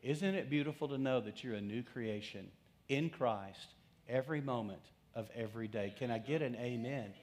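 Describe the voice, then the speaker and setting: A middle-aged man preaching a sermon as pastor, conversational, swinging from loud emphasis to hushed, slowed lines. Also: medium pitch.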